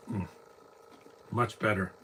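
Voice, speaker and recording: A man's voice: fairly low pitch, bright, forceful tone, slight background noise. A man giving casual live movie commentary at home, rambling with frequent restarts and self-corrections. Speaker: film commentator.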